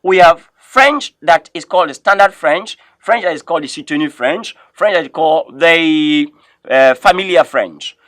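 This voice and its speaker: A man leads a French pronunciation lesson and says each word several times so learners can copy it. His voice sits somewhat high. The sound is dry and close, and he keeps coming back to "of course". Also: animated, a bit bright, dry recording. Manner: repeats words slowly for learners to copy. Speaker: French teacher. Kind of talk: classroom lesson, teaching pronunciation.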